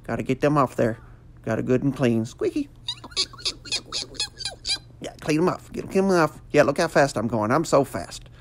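A man's voice: mid-range voice, brisk, slight background noise. A man doing a goofy, rambling comic voiceover full of fillers. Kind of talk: joking mock voiceover.

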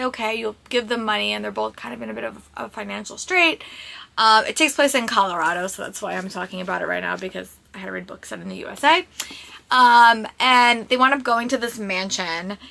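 Bright, gravelly-voiced chatty woman vlogger. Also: mid-range voice. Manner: chatty and rambling, with many fillers and restarts. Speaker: book vlogger. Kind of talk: casual reading vlog chat.

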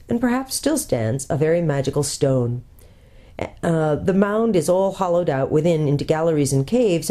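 A woman's voice: lowish voice, dark tone, lightly acted. A woman voicing an old male tutor, learned and kindly, courtly and precise as he explains, in a storybook reading. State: out of breath from hurrying.

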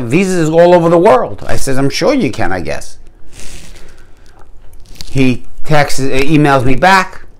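A guy talking straight to his viewers in a loose, slangy way. He gets worked up and animated, and his voice sits at an ordinary middle pitch for a man. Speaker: YouTube gear channel host. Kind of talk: casual chat to camera.

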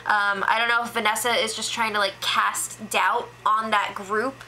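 A woman casually recapping a reality show, chatty and full of fillers, slipping into quick impressions of the people she quotes. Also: mid-range voice, little pitch movement, bright, forceful tone, low-quality recording.

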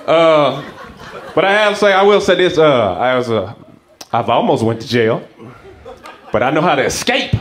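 Brief: male stand-up comic, high, bouncing voice, animated live set. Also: moderate pace, pauses often, slight background noise. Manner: animated storytelling, acts out characters. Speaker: stand-up comedian. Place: comedy stage before a live audience.

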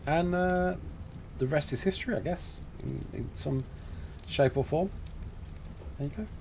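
A man's voice: a little high, measured pace, vocal fry, darkish tone, slight background noise. A young man with an English West Midlands accent, chatting casually on a live game stream. He laughs often and answers chat questions.

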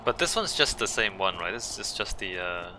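A man giving calm, musing commentary while playing a video game. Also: sits low, normal speed, background noise. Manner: calm, musing, talks to himself. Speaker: gameplay streamer. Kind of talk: casual gameplay commentary. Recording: voice over game music.

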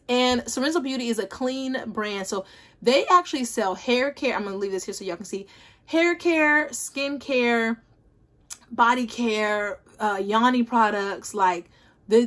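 Chatty woman vlogging a haul. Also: fairly high pitch. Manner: chatty, animated, talks straight to viewers. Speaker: beauty vlogger. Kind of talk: casual haul video chat. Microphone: ring light setup, camera at desk.

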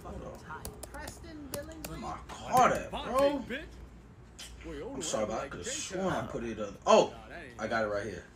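A man's voice: on the high side, huge pitch swings, measured pace, pauses often, crowd noise. A man voicing a flustered young patient who mumbles in slang at a clinic desk. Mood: mumbling embarrassed.

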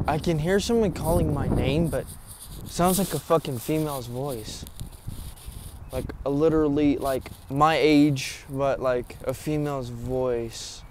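A young man films a vlog by himself in a cemetery at night, talking to the camera as a paranormal vlogger. He sounds nervous and rambles, swears a lot and is short of breath. His mid-range voice is a little mellow, with slight background noise.

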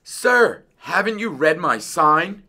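A man's voice: medium pitch, sing-song, measured pace, a bit bright, breathy edge, voice pushed up, exaggerated voice. A man voicing a small, brave male mouse dentist who speaks firmly and carefully. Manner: firm, careful.

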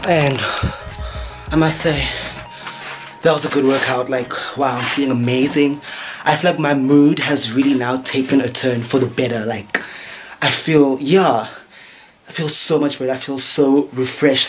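A young man talks to his camera in a room at home, chatty and playful and full of little asides. His voice sits at a mid pitch. Faint music plays underneath. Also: steady tone, a little slow. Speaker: vlogger. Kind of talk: casual vlog chat.

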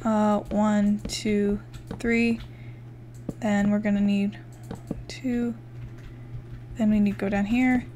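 A woman's voice: mid-range voice, little pitch movement, slow pace, pauses often, mellow, a little hiss or hum. A young woman giving casual let's-play commentary, chatting, swearing freely and counting blocks aloud as she builds. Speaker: gaming YouTuber.

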